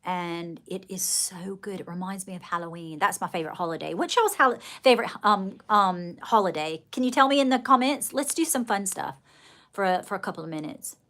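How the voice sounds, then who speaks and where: Mid-range, animated and fairly quick, with a fairly bright tone, this Georgia woman's Southern voice gushes as she hosts a livestream. She rambles fondly and chattily, addressing her viewers as darling.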